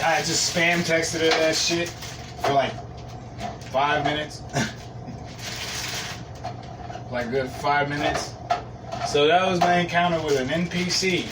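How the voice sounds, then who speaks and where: A man's voice: fairly high pitch, slow, long pauses, very noisy. A man hosting a podcast, telling rambling, profane stories and laughing at them. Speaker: podcast host. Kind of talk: casual storytelling monologue. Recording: loud hip hop music behind the voice.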